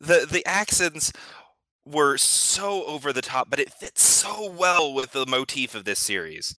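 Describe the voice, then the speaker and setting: A man with a very bright, crisp voice chats casually on a podcast. He often stumbles and repeats words as he gets going. The sound is dry and close. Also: a little high, big pitch swings, measured pace, no echo. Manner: hesitant, repeats words when starting thoughts. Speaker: podcast participant. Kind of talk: casual chat.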